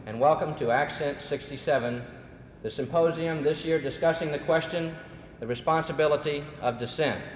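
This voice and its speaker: Young man giving formal introductions. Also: fairly high pitch. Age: young adult. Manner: formal, ceremonious, brisk. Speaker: student body president, master of ceremonies. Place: large hall at a symposium. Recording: echoey hall on a dull, noisy old recording.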